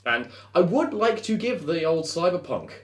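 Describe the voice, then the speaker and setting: A man's voice: a little high, very animated, moderate pace, echoey room. A man co-hosting a gaming podcast, chatting casually, swearing freely and laughing a lot. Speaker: podcast co-host.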